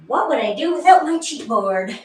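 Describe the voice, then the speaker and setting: A woman's voice: a little high, roomy sound, far from the mic, low-quality recording. Breathless, chatty woman fitness instructor. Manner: cheerful, chatty, laughs at herself. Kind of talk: workout class instruction.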